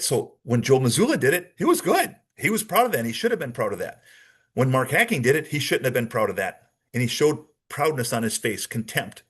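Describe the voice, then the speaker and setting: A man with a husky, slightly high voice teaching a training session from his slides. He talks in a conversational, demonstrative way and keeps checking in with his listeners. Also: fairly bright tone. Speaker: behavioral analysis trainer.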